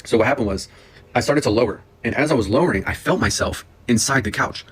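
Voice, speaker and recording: A young man telling a personal story in a casual, excited, rambling way, full of fillers and restarts. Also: mid-range voice, fast talker, slight background noise.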